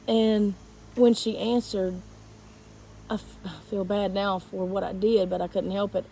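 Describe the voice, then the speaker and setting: A woman, a teacher, telling a painful personal story to her viewers in a halting, emotional way. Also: medium pitch, vocal fry, dark tone, slight background noise, poor audio.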